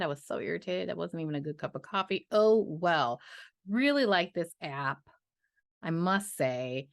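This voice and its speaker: Chatty, gushing woman vlogger, slow and dry. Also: fairly low pitch, very animated, dry recording. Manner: chatty and gushing, trailing off, with playful sung interjections. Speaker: budgeting vlogger. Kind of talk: casual chat to camera.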